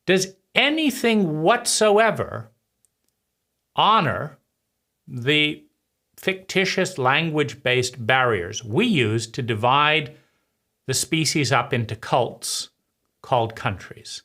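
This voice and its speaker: A man hosting his own channel, giving a slow, deliberate philosophical monologue with frequent pauses between phrases. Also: on the high side, expressive, pushed and bright. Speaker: channel host.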